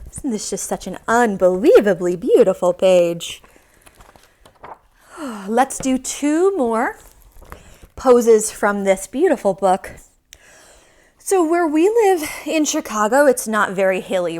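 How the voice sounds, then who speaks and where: A woman from Michigan teaching yoga to young children, playful and animated as she talks to small kids. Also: mid-range voice.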